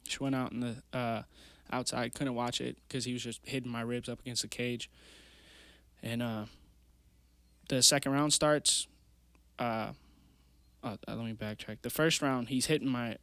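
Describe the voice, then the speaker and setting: A man's voice: mid-range voice, fairly bright tone, smooth, no room sound. A young man in his twenties, a guest on a podcast, telling his story in a rambling, earnest way full of fillers. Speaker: guest, amateur MMA fighter. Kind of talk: casual storytelling interview. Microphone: podcast mic.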